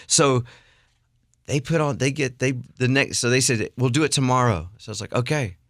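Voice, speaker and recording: A middle-aged man, a guest songwriter and worship leader, telling an animated, self-deprecating story with frequent restarts. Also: medium pitch, moderate pace, no echo, studio quality.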